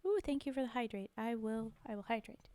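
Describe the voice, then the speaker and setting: A woman streamer chatting casually and haltingly between poems, with many soft fillers. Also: fairly high pitch, no echo. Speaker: streamer reading poetry. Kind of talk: casual live-stream chat.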